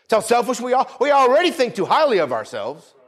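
A man's voice: very high-pitched, huge pitch swings, fast, breathy edge. A man preaching a fervent sermon, calling out for amens from the congregation as his voice swells and drops. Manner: fervent, rising and falling preaching with call-outs for amen.

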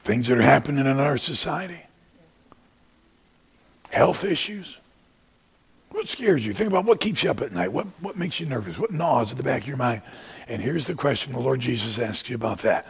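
An older preacher delivers a sermon in a gravelly, very husky voice. He builds to loud shouted peaks, then sinks back into low asides. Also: very animated, normal speed, long pauses. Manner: rising to shouts, then dropping to quiet asides.

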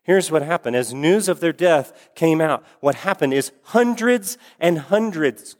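Slow-preaching man in an echoing hall. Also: on the high side, expressive. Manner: earnest, repeats key phrases for emphasis. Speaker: pastor. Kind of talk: sermon. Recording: long hall reverb.

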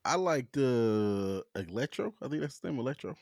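A man's voice: medium pitch, moderate pace, gravelly, no echo, studio quality. A man in casual chat, telling stories with lots of laughter and acting out what people said. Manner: animated storyteller, acts out quotes with laughs.

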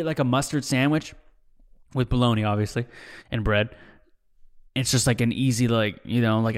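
A young man hosting a podcast, talking in a casual, rambling monologue. He swears freely and keeps tacking "dude" and "bro" onto the ends of his sentences. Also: medium pitch. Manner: profane, rambling, says "dude" a lot. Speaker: podcast host. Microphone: desk mic, seen drinking on video.

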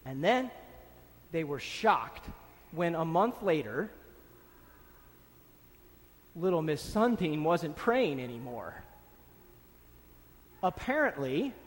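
A man's voice: sits high, a bit bright. A man preaching a sermon, stressing and repeating key phrases for emphasis. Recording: long hall reverb.

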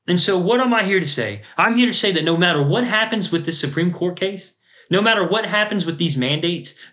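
A man's voice: high voice, fairly bright tone. Earnest man preaching on a podcast. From United States. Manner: earnest, emphatic, quotes scripture. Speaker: podcast host. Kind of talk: preaching monologue.

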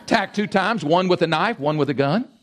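A man in his sixties preaching a sermon, emphatic and animated, swinging between loud bursts and quiet asides. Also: sits high, fairly quick, a faint crowd. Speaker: pastor.

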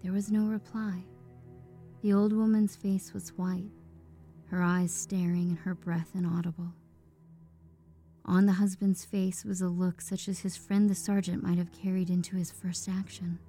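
A woman narrates a story in a warm, mellow voice, measured and even. Faint music plays softly in the background. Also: fairly low pitch.

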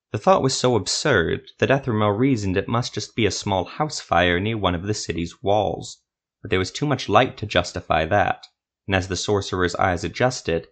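A man narrating a fantasy story in a steady, measured storytelling voice. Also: sits low.

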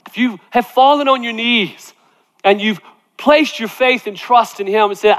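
A man's voice: very high-pitched, unhurried, fairly bright tone. A middle-aged male pastor preaching emphatically, repeating phrases and tossing in "right?" asides. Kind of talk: sermon. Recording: long hall reverb.

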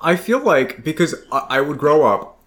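A man's voice: fairly high pitch, big pitch swings, normal speed, a bit bright. A young American man co-hosting a casual podcast, rambling and joking, often acting out quotes. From United States. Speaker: podcast co-host. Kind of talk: casual chat.

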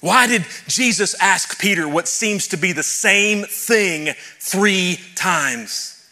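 Speaking slowly in a high, animated, pushed and bright voice, this pastor delivers a sermon. He talks straight to his congregation, telling a story that rises to fervent emphasis.

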